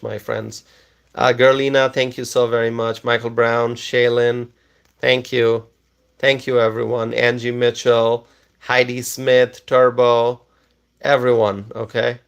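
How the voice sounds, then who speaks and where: Slow-talking tired man hosting a live stream. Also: medium pitch, vocal fry, smooth. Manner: slow, repetitive, reads viewer comments aloud. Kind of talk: casual live stream chat.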